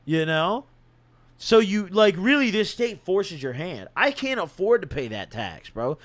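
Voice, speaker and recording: A man's voice: high voice, unhurried. A young man, intoxicated, telling a story on a stream in a casual, slangy way and laughing as he goes. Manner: animated, slangy, laughs through his story.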